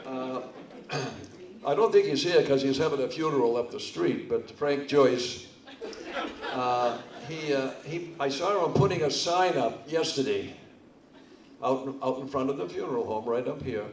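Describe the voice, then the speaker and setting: An older man telling stand-up jokes at a charity comedy night, with a slow, halting delivery full of restarts. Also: mid-range voice, far from the mic. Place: hall with a live audience. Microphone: stage microphone, speaking from a distance. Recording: echoey hall, voice off the mic.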